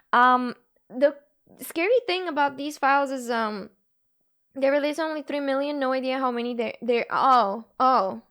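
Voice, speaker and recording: A young woman from Bulgaria, a live streamer, talking to her chat in a halting, earnest and emotional way. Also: high-pitched, a bit bright.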